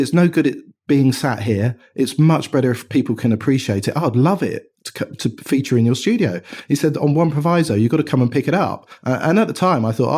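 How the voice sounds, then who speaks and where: A middle-aged man from England, a watch company founder, telling an animated anecdote in a casual interview. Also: medium pitch, brisk, hardly any pauses. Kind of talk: conversational storytelling.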